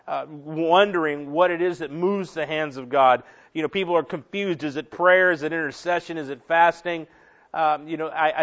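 A male pastor preaches in a conversational way, often repeating and restarting his words. His voice sits a little high, and the recording sounds dull and lo-fi. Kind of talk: sermon.

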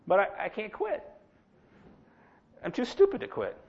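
A man preaching a sermon in an animated, sarcastic, self-mocking way. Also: sits high, measured pace, vocal fry, pauses often. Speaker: pastor. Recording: dull lo-fi sound.

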